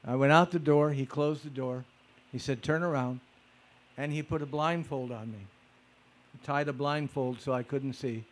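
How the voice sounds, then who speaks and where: A man telling personal stories in a lecture, conversational and animated, acting out footsteps with vocal sounds. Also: a little high. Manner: conversational, with fillers and repeated starts. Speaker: speaker recounting personal stories. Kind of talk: storytelling lecture.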